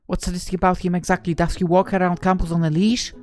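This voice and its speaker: A woman doing a deadpan, unimpressed best friend. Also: lowish voice, fast talker, no room sound, clean studio sound, faint music behind, pitched above the performer's own voice, close to an everyday voice. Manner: deadpan, flat. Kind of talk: visual novel read-aloud.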